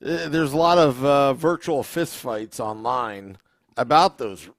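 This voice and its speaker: A man's voice: medium pitch, measured pace, no echo, studio quality. A man hosting a sports podcast, talking easily and hesitantly with many restarts. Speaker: podcast host. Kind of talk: casual podcast chat.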